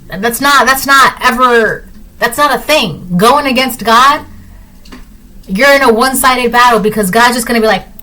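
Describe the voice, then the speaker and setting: A woman's voice: a little high, bright, forceful tone, low-quality recording. A woman giving a casual spoken tarot reading at home, talking in an emphatic, repetitive, conversational way with lots of fillers. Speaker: tarot reader.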